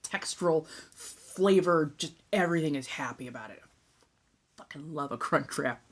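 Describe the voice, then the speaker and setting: This is a woman from Southern California with a fairly low voice, chatting loosely on a phone live stream. Her ASMR talk is relaxed and easygoing, and she drops into breathy whispers between her normal lines. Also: normal speed. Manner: chatty and relaxed, drifts into soft whispered asides, casual swearing.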